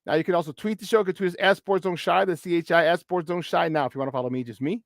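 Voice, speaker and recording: High-pitched, hyped sports host. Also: male voice, quick pace, no room sound, studio quality. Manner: hyped, playful, shouting out listeners. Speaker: sports talk radio host. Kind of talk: morning sports talk show. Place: studio.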